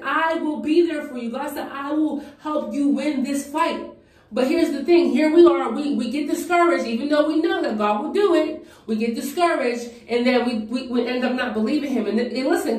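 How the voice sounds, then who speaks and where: A woman with a high voice speaks at a normal speed, recorded from a distance in an echoey room. She's a Christian vlogger preaching fervently but conversationally while getting ready on camera, encouraging her viewers in a get-ready-with-me video.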